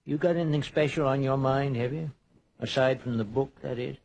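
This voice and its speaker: A man's voice: mid-range voice, a little fast, a little mellow, husky. A man playing a folksy older small-town man in a 1940s radio drama, with an easygoing drawl. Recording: dull old radio transcription.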